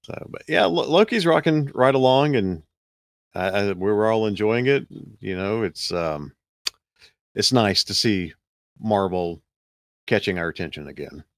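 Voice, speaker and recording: Low-voiced Southern man, dry sound. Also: expressive, unhurried, dry recording. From south Alabama. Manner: rambling, hesitant, searches for words, laughs. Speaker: podcast co-host. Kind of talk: casual chat.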